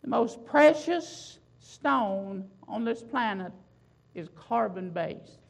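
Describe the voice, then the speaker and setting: A woman preaching a sermon, building emphasis with loud swells and slow, drawn-out phrases. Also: on the high side, expressive, vocal fry, poor audio.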